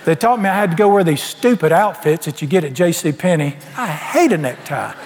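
A man's voice: a little high, animated, brisk, big-room sound, a faint crowd, a little hiss or hum. A man preaching a sermon, telling his story in a folksy way and acting out the dialogue.

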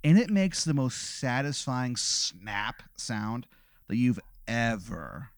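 A man's voice: mid-range voice, lively intonation, takes it slowly, dry recording, studio quality. A man co-hosting a podcast who improvises a comic story in the second person and rambles with lots of fillers. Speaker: podcast co-host.

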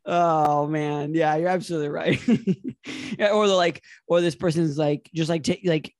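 High-voiced man joking with lots of laughter. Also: fairly even intonation, measured pace, no room sound, clean studio sound. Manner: laughs often, drops into silly voices for bits. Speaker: podcast co-host. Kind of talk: casual comedic chat.

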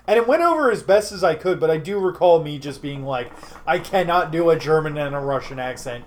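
Rambling young game master. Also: male voice, a little high, lively intonation, fairly quick, slight background noise. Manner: rambling with many fillers and restarts. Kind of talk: casual podcast interview.

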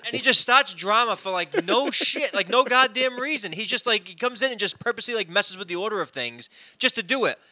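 A man co-hosts a casual sports chat, blunt and salty, swearing freely as he talks. His pitch leaps around animatedly, and his tone is very bright and cutting. The recording is dry and close. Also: brisk, few pauses, no echo. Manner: lively, blunt, swears often. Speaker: podcast co-host.

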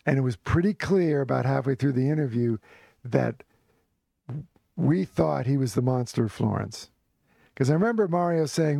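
A man, a guest author, telling a story in conversation with lively delivery, restarting phrases and chuckling. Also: medium pitch, moderate pace, gravelly, no echo. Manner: lively storyteller who acts out quoted voices, with restarts and chuckles.

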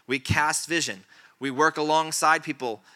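A man's voice: fairly even intonation, normal speed. A man preaching a sermon as pastor, exhorting the congregation with repeated phrases and rising emphatic passages. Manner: builds to loud, high-pitched emphatic preaching; repetitive, exhortative phrasing with restarts.

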